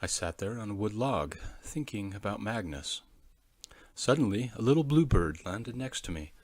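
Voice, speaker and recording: A man narrating a children's storybook in an expressive storyteller reading. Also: lowish voice, normal speed, no room sound.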